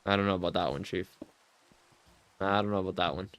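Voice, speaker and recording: A man in casual gaming chat, deadpan and laid-back. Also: deep voice, fast talker, smooth. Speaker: gaming co-player.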